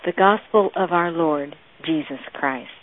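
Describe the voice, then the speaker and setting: A woman preaching a sermon in a slow, deliberate, meditative way. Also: deep voice. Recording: tinny, phone-like dry audio.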